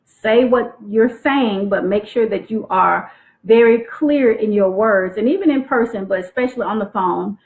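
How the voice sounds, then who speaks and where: A woman teaching teen girls on a live stream, speaking clearly and expressively. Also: mid-range voice, moderate pace. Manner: clear, articulate, expressive delivery. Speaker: youth self-esteem coach. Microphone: phone livestream. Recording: tinny phone-like livestream audio.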